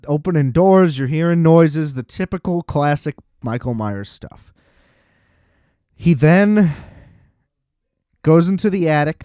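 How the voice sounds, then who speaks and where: A man hosting a podcast, casually recapping and ranting about a movie with animated, exasperated energy and frequent laughs. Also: on the high side, no room sound, studio quality. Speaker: podcast host. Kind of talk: casual movie review rant.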